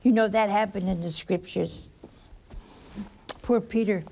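A woman preaching a sermon, telling scripture stories with lively asides and chuckles. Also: medium pitch, a little slow, gravelly, a little hiss or hum. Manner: animated storytelling with asides and laughter.

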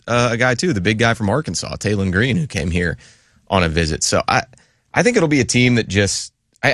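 A man from western Pennsylvania co-hosting a casual sports talk show, relaxed and opinionated. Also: on the low side, dry recording, clean studio sound. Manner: relaxed, opinionated, often says "like" and "I mean".

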